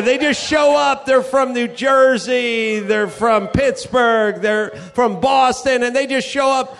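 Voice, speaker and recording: A man with a fairly high voice holds a comedy club stage, rambling through profane, riffing stories as the show's host. His delivery is loose and conversational, one tangent spilling into the next. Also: fairly even intonation, unhurried, creaky, few pauses, fairly bright tone. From California. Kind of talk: live comedic monologue.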